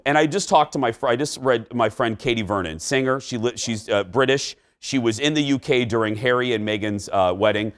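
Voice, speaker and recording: A middle-aged man hosting a talk show, giving his opinions in a fired-up, emphatic way. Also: medium pitch.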